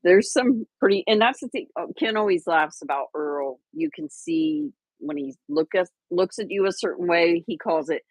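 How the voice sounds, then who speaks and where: A woman's voice: on the low side, expressive, moderate pace, few pauses, no echo. A woman hosting a livestream, chatting casually with viewers and a co-host, rambling with fillers and restarts.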